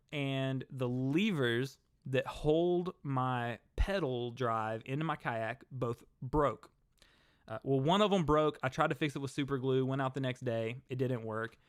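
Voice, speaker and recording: Young male host, casual chatter to viewers, clean resonant tone, mid pitch. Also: a little slow, clean tone, dry recording, clean studio sound. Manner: chatty, rambling, talks to chat viewers. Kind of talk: casual livestream chat.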